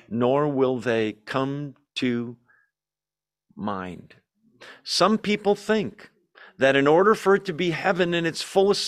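A pastor preaches a conversational sermon to a group at a church meeting streamed on a video call, adding joking asides and putting questions to the audience. His voice is mid-range with a fairly bright tone.

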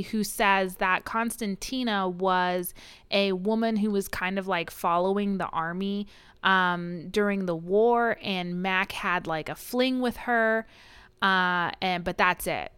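A woman's voice: mid-range voice, fairly bright tone, clean tone, dry recording. A woman co-hosting a podcast, recapping a book plot in chatty, laughing, irreverent casual talk. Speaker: podcast co-host. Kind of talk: casual book-discussion chat.

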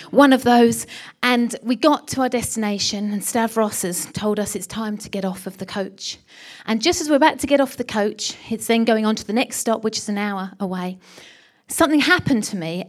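A middle-aged woman preaching a sermon and telling a story with animated delivery, often dropping to a hushed whisper for emphasis. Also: a little high.

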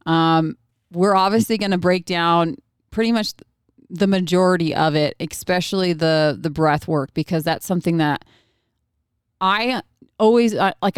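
Female podcast host, chatty and rambling, smooth lower voice, dry close mic. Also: no echo. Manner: chatty, rambling, laughs often. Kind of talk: casual podcast chat.

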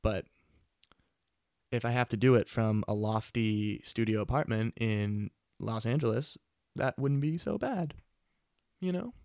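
Young dude ranting chill and sweary, gravelly voice, dry close mic. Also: male voice, mid-range voice, measured pace, long pauses, a little mellow, no room sound. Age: 20s. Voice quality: profane, laid-back and chatty. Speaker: podcast host. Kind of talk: casual rambling monologue. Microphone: close studio mic.

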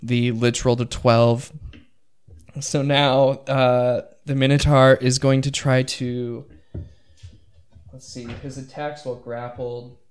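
A man narrating a tabletop game as game master, counting dice rolls aloud with excitement. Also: medium pitch, takes it slowly, clean tone.

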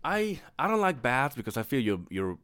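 A man's voice: medium pitch, very animated, moderate pace, fairly bright tone, clear, resonant tone, dry recording. A man in his thirties, co-hosting a podcast, telling rambling, profane stories with frequent laughter. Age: 30s. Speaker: podcast co-host. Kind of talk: casual storytelling chat.

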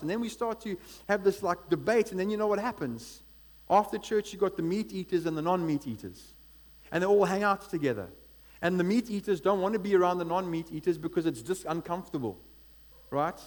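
Energetic preacher, higher voice. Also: male voice, a little fast. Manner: energetic, conversational, often asks "right?". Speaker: pastor. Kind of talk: sermon.

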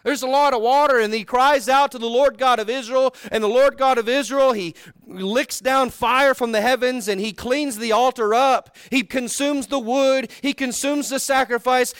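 A man preaching a sermon, telling a Bible story in a folksy way, swinging between loud, high bursts and low, quiet asides. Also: clear, resonant tone, no room sound, studio quality.

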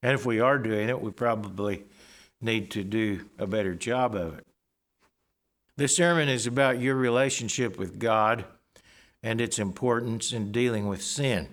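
A man preaching a sermon in a measured, explanatory way, reading scripture aloud and unpacking its wording. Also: lowish voice, fairly bright tone.

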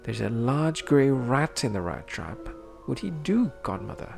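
A man voicing a sweet, tearful young maid who speaks softly and wistfully. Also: medium pitch, very animated, a little slow, creaky, full character voice. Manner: soft wistful pleading. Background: music.

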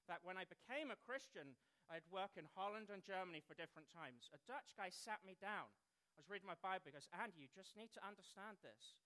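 An English man in his thirties preaching a sermon in a lively, self-deprecating way with jokey asides. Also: high-pitched, brisk. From England. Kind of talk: sermon talk.

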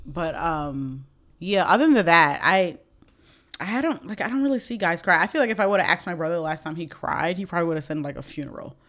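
A woman's voice: on the low side, expressive, fairly quick, a bit bright. A woman in casual podcast chat, candid and swearing freely, with lots of "like" fillers.

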